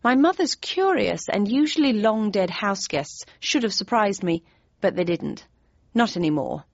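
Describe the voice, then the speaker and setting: A woman narrates a book in first person with a dry, wry tone and a medium pitch. The room is dead with no echo, and the sound is a bit dull. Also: animated, moderate pace. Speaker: audiobook narrator. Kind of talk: scripted narration.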